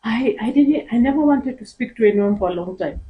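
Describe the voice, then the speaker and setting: A middle-aged woman from Kenya with a Kenyan accent, giving a relaxed testimony as an interview guest and acting out the people she met. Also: a little high, a little fast, muffled recording. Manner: animated storyteller, mimics other accents with laughter. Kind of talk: casual conversational testimony.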